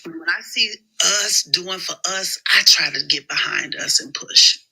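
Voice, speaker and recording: A woman who is a schoolteacher, chatting casually and telling animated stories. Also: lowish voice, unhurried, breathy edge, poor audio. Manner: animated, storytelling. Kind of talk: casual chat.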